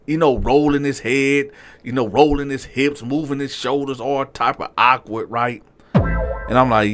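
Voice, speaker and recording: A man telling a story to his viewers in a casual, animated and profane way, with frequent asides to the audience. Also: mid-range voice, measured pace, faint music behind. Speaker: storyteller, channel host.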